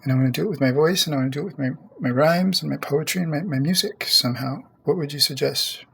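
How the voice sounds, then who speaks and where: Earnest rambling man, fairly high voice. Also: fast talker, vocal fry, fairly bright tone, husky. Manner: earnest, rambling, hesitant with restarts. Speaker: poet and musician. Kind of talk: casual spoken request.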